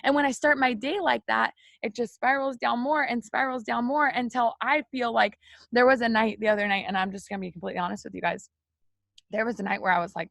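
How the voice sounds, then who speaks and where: A woman's voice: fairly high pitch, brisk, gravelly, fairly bright tone, no room sound. A young woman speaking candidly to viewers in a personal devotional talk, confiding and repeating phrases for emphasis. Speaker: faith video host.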